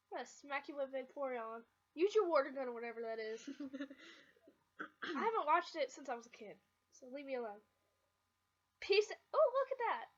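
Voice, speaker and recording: In a slightly dull lo-fi home recording, a young woman chats to the camera from her bedroom, her rambling stories full of giggles. Her voice sits high and has a fairly bright tone.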